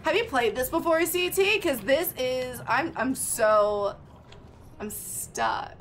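A woman's voice: high-pitched, animated, slow, slight background noise. A young woman streaming a game live, thinking aloud in a chatty way and greeting her viewers by name. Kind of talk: live gameplay chat with viewers.

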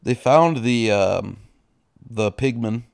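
Male co-host, gravelly yet smooth, loose jokey recap talk. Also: medium pitch, expressive, slow pace. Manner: joking, loose, swears casually. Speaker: podcast co-host. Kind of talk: casual movie recap chat.

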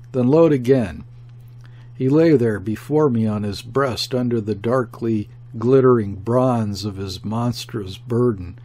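A man reading a classic novel aloud in a measured, deliberate audiobook narration. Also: mid-range voice, gravelly, a little mellow.

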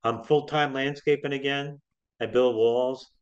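At a measured pace, with a steady tone and medium pitch, a middle-aged man guesting on an interview tells his story chattily, rambling and restarting frequently. The recording is dull and lo-fi.

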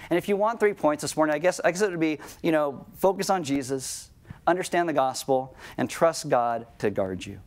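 A middle-aged man preaching a sermon to his congregation in a conversational tone, slowing right down on key lines. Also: fairly high pitch. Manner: conversational preaching, slows down for emphasis. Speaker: pastor.

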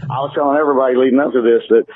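A man from Alabama with a Southern accent, a guest comedian telling stories quickly on a radio talk show. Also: medium pitch, steady tone. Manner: fast-talking storyteller. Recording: tinny phone-like radio audio.

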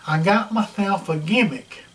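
A bumbling toothbrush salesman with a hare lip spins a rambling comic yarn, as a performer puts him on. His speech is nasal and thick, full of folksy slang and stumbling repeats, at a middling pitch. The voice sits distant from the mic. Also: a little slow, fairly bright tone, close to an everyday voice. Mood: folksy storytelling. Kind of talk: comic storytelling in character.

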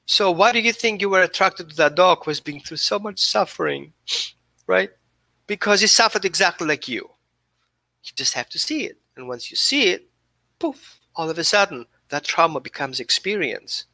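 A man with a higher-than-usual voice speaks earnestly as a dog behaviorist, coaching his listeners. His tone is bright and forceful, and the recording is dry and close. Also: expressive, normal speed, gravelly, no echo. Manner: earnest, coaching, repeats himself. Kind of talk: live Q&A talk.

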